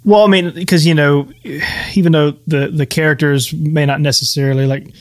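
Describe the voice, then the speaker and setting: A man's voice: on the high side, fairly even intonation, normal speed. Easygoing man, rambling podcast chat. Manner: easygoing, rambling with restarts and laughs. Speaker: podcast co-host and game master. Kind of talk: casual chat.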